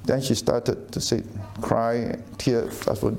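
A man's voice: medium pitch, little pitch movement, takes it slowly, creaky, a little mellow, slight background noise. A middle-aged man preaching a sermon, emphatic and often asking the audience questions. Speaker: pastor.

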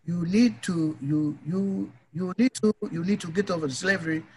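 A man's voice: sits high, moderate pace, darkish tone, a little hiss or hum. A man putting on a scolding, condescending African lecturer. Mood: mocking.

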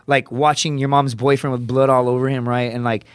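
Fast-talking, profane male storyteller. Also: medium pitch, smooth, no echo. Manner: profane, rapid, animated storytelling. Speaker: guest comedian, former Marine. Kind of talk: casual podcast storytelling.

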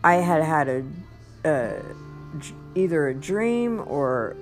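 A woman's voice: low voice, expressive, slow pace, over music. A woman telling her personal testimony in a casual, rambling way, with many restarts and bursts of laughter. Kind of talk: casual storytelling.

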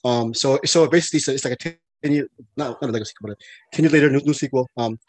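Excitable rambling man with a dry sound. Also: mid-range voice, quick pace, no room sound. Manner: excitable, rambling with many fillers and restarts, laughs often. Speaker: podcast co-host. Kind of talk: casual movie chat.

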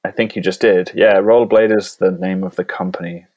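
Deep-voiced deadpan Bristol man. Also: fairly quick, dry recording. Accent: Bristol English. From England. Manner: dry, deadpan wit. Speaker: podcast guest. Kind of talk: casual chat.

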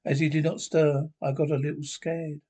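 A man's voice: on the high side, level tone, moderate pace, mellow, breathy edge. A man reading a short story aloud in a dramatic first-person storytelling manner. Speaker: reader.

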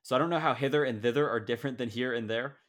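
A man's voice: medium pitch, racing. Laughing young man co-hosting a podcast. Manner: playful, laughs often, animated when retelling. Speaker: podcast co-host. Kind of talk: casual chat.

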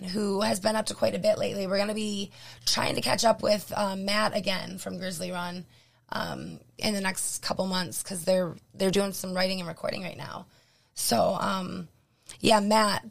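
Hoarse woman radio co-host, gravelly. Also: medium pitch. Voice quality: gravelly, throat-clearing. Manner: blunt, joking, lots of ums. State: losing her voice, hoarse. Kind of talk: casual radio chat.

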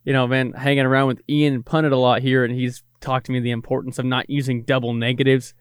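A man who works as a radio color analyst, talking through a broadcast in brisk, self-deprecating casual chat with many "you know"s. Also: mid-range voice, flat delivery, smooth, no room sound, studio quality.

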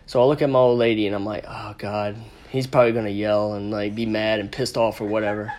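A man's voice: on the low side, flat delivery, fast, a little mellow, a little hiss or hum. A man hosting a casual podcast from a room with friends, telling a story in a blunt, rambling, profane way. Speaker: podcast host. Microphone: podcast microphone.

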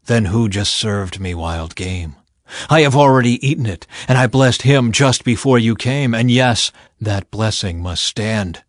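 Man doing an old solemn dad giving blessings, slow, dry voice. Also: lowish voice, lively intonation, dry recording. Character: old blind father, solemn and grave. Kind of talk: Bible reading.

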